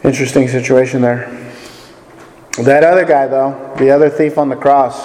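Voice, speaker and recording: A man's voice: mid-range voice, steady tone, normal speed, darkish tone. A man leading a casual Bible study, chatty and joking as he puts questions to the group. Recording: echoey hall with long reverb.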